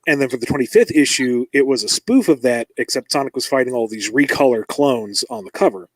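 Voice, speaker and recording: A man guesting on a podcast, telling animated stories and acting out quoted dialogue, into a mic on a stand. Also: medium pitch, fairly quick, no echo, rough recording. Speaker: guest, comic book writer. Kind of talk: casual interview chat.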